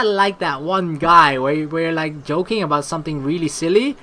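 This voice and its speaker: A woman provides casual let's play commentary, reading game text aloud, joking, swearing, and laughing at her own jokes. Her low voice is pushed and bright, at normal speed with few pauses.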